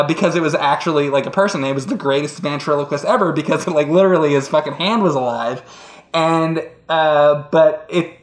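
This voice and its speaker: Give me a rambling, laughing man telling stories. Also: on the high side. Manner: rambling, laughing storyteller with restarts and acted-out voices. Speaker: co-host. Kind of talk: casual chat. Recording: roomy echo.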